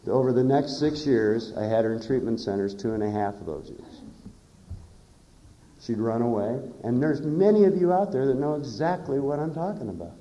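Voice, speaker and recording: A man's voice: mid-range voice, lively intonation, normal speed, dark tone. A middle-aged man giving a plain-spoken, earnest personal testimony at a recovery meeting. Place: conference hall. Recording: echoey dull conference tape.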